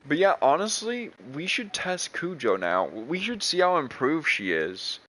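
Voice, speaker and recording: A man's voice: fairly high pitch, huge pitch swings, measured pace, bright, forceful tone, low-quality recording. A young man chatting casually while playing a video game, rambling with many restarts. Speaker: gaming streamer.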